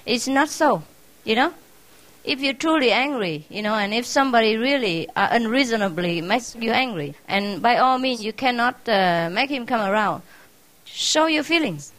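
A woman's voice: fairly high pitch, a bit bright, low-quality recording. A woman spiritual teacher giving an informal farewell talk to her followers, speaking simple English that is not her first language and laughing often in an affectionate, teasing way. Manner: simple, non-native English phrasing.

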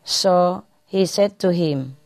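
A woman's voice: lowish voice, slow pace, darkish tone, no echo. A woman teacher reading jokes aloud to a class, chatty and storytelling.

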